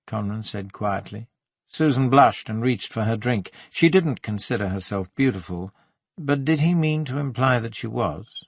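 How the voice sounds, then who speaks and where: A man reading an audiobook in scripted narration, with a measured, even delivery. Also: medium pitch, gravelly, no echo.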